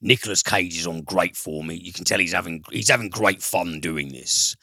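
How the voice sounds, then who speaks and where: Deep-voiced man rambling through a film review. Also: moderate pace, creaky, pushed and bright, no room sound, clean studio sound. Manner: rambling, swears casually, many fillers. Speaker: film podcast host. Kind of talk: casual film review chat.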